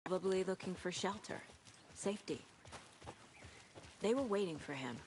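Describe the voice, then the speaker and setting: An actress voicing a composed woman FBI profiler in video game dialogue, talking in a measured, analytical way. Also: lowish voice, animated, a little mellow, husky, no room sound.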